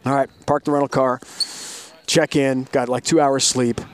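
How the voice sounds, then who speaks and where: A man's voice: medium pitch, little pitch movement, normal speed. A middle-aged man, a sports broadcaster, telling a long travel story in an interview, acting out quoted voices and laughing often.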